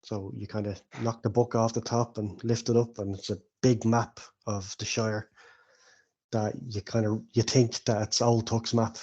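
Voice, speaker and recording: A man's voice: fairly low pitch, level tone, normal speed, darkish tone, breathy edge, highs cut off. A man acting as game master, casually narrating the scene and asking players for dice rolls. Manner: casual, explains rules and scene loosely.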